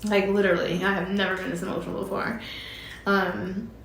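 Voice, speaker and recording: A middle-aged woman telling a personal story, halting and emotional, with many fillers and restarts. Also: mid-range voice, flat delivery, creaky, fairly bright tone, echoey room, a little hiss or hum. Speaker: vlogger telling her story.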